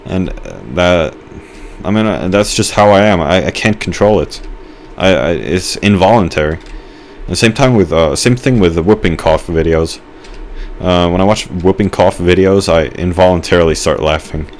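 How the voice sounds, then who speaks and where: Young male gamer, deep low voice, musing and hesitant let's-play talk, slight background hiss. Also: moderate pace. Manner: musing, hesitant, many fillers and restarts. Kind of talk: rambling let's-play commentary.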